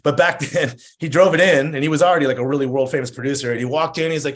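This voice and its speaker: A man's voice: on the high side, fast, hardly any pauses. A man guesting on a podcast, chatting casually, laid-back, swearing freely and acting out the voices of people in his stories. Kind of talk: casual chat.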